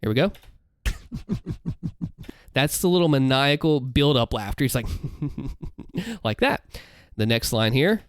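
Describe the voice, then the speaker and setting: A man's voice: mid-range voice, animated, brisk, clean tone, no echo, clean studio sound. A man explaining how he built a villain voice, talking animatedly and demonstrating as he goes, holding his volume down because it is late at night. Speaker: content creator explaining his voice work. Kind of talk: voice acting breakdown.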